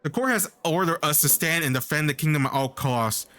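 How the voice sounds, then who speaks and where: A man's voice: on the high side, brisk, pushed and bright. A man reading the lines of a stern, arrogant male army commander in a fantasy game, in a curt and dismissive way.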